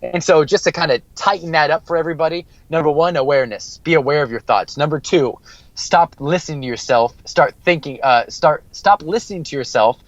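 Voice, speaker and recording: A man's voice: fairly high pitch, brisk, dry recording, muffled recording. A man working as a mental skills coach, giving an earnest podcast interview and repeating key phrases for emphasis.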